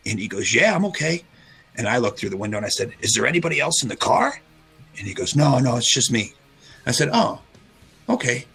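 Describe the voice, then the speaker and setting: A middle-aged man with a gravelly, bright voice hosts a casual radio talk show. He tells a story and acts out every quoted line. Faint music plays behind him. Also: mid-range voice, rough recording.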